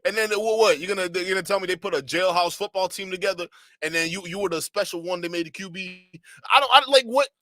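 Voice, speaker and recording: Bright, mocking male streamer. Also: high voice, fairly even intonation, quick pace, dry recording. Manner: laughing, mocking, slangy. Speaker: streamer host. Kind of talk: mocking livestream commentary.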